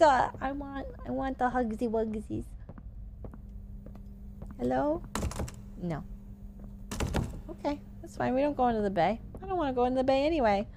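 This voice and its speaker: A woman's voice: high voice, moderate pace, vocal fry, pauses often, dark tone, slight background noise. A young woman streamer casually commenting while playing a game, gushing and easily startled. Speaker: gaming streamer. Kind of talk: casual let's-play commentary.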